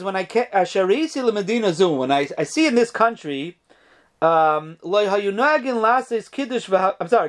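High-voiced man teaching rabbinic texts. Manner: reads Hebrew quotes, then explains them in casual English with fillers. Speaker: Torah teacher. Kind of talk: lecture reading and translating rabbinic responsa.

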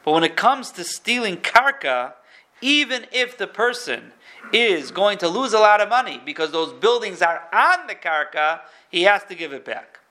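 High, bright-voiced man teaching Talmud. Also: sing-song, normal speed. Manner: reads Hebrew text then explains in casual English. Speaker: Torah teacher. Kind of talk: Talmud lesson, reading and translating.

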